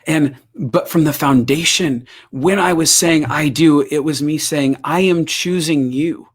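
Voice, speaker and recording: A man's voice: fairly high pitch, measured pace, hardly any pauses, breathy edge. A man giving a candid, emotional personal testimony in an interview, acting out his own past prayers and outbursts. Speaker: guest sharing his story.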